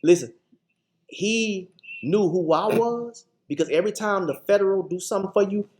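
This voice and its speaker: A man's voice: high voice, normal speed, crowd noise. A man guest on a radio interview, telling his personal story with emphatic repetitions and frequent restarts. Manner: acts out quoted voices. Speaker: guest, TV show founder.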